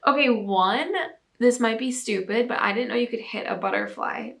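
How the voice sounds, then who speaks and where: Speaking at a normal speed in a slightly high, bright voice, this young host is all bubbly chatter. She reads out submissions from viewers in a casual segment, peppering everything with filler words.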